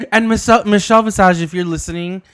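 Giggly man with a higher voice. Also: brisk, a bit bright, smooth. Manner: giggly, laughs often while talking; crude, playful banter. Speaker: podcast co-host. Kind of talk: casual chat.

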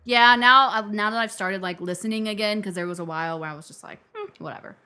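A woman's voice: medium pitch, fast talker, sharp tone, clear, resonant tone. Woman, from Florida, podcast guest, casual chat, chatty. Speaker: returning guest.

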